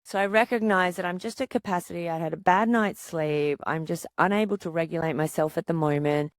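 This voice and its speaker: A woman psychologist hosting a podcast, calmly coaching parents and asking rhetorical questions. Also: lowish voice, a little fast, no echo, clean studio sound. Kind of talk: podcast monologue giving parenting advice.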